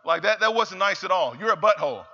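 Big sis telling her brother off, guy doing her, bright sharp voice, dull sound. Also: sits high, expressive, fast, pitched below the performer's own voice, heavily acted. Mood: scolding. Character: older sister scolding her brother. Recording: reverberant hall, slightly dull sound.

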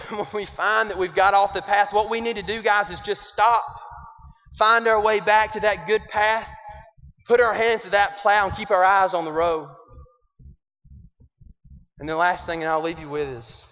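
A man giving an animated, folksy motivational talk to young people in an arena. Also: sits high, normal speed. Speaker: youth speaker. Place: large arena. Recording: dull echoey arena recording.

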